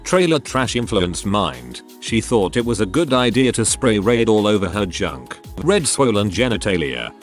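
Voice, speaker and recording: Lively low-voiced man reading stories. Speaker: narrator reading Reddit posts. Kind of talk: casual narration of online stories.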